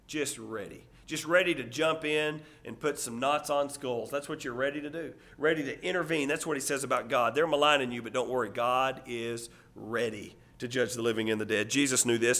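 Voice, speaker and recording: A man preaching a sermon, reading scripture aloud and swinging from loud, emphatic declarations to hushed asides. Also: medium pitch. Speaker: pastor.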